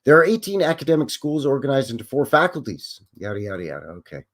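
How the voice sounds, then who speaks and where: Lively-pitched man reading with wry asides. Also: quick pace. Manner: wry, self-deprecating asides between read passages. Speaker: live-stream host. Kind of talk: reading aloud with offhand commentary.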